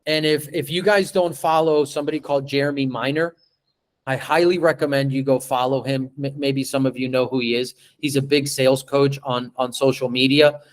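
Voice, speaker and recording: On a video call, a man runs a live sales training, acting out pitches to a client with animated energy and a brisk delivery. He stretches and repeats words as he goes.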